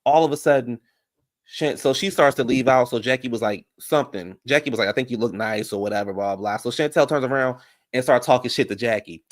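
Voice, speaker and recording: A man casually recapping reality TV drama in an animated, profane storytelling manner, jumping up high when he quotes the women. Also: fast. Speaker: reality TV commentator.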